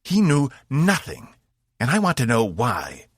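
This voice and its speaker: A towering blue alien warrior woman, as a male audiobook reader puts her on, spits each line with seething contempt and barks commands. The voice sits well above his own low register and pushes harder and louder, with a lively rise and fall and a dry, close sound. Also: measured pace, husky, no room sound, full character voice. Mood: contemptuous. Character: furious towering blue-skinned alien female consul.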